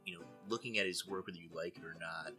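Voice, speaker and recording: Very deep-voiced male art teacher. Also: steady tone, quick pace, bright, forceful tone, faint music behind. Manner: easygoing, thoughtful, explains with many fillers. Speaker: podcast co-host and art teacher. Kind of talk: casual chat about art.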